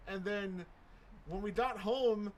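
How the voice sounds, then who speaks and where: A man's voice: high-pitched, slow pace. A young man co-hosting a podcast, casually telling stories and acting out what people said. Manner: acts out quoted voices in his stories. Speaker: podcast co-host. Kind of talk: casual chat.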